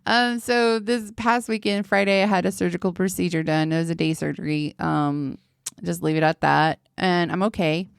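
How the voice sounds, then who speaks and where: A woman's voice: fairly low pitch, steady tone, normal speed, creaky, smooth, no echo, studio quality. A woman around thirty co-hosting a podcast in casual chat, laughing often and swearing freely. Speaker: podcast co-host.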